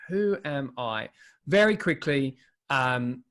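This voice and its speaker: A man's voice: mid-range voice, lively intonation, slow, a bit bright. A man in his late thirties with a British accent tinged by Australian sounds, co-hosting a casual business chat with lots of fillers and restarts. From England. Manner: chatty, with many fillers and restarts. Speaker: co-host.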